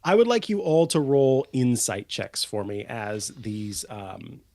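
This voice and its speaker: Slow, halting game master, man. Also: mid-range voice, very animated, darkish tone, no echo. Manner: unhurried, full of ums and uhs. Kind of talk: narrating a tabletop game.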